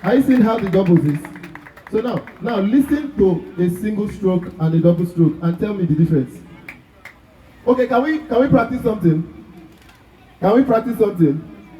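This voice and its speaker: A man's voice: sits high, animated, normal speed, pauses often, warm tone. A man with a Nigerian accent teaching drum technique to a class, constantly asking if they are following. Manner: asks the class constant check questions. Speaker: drum instructor. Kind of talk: live drum workshop teaching. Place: large echoey room at a festival workshop. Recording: echoey room, from far off.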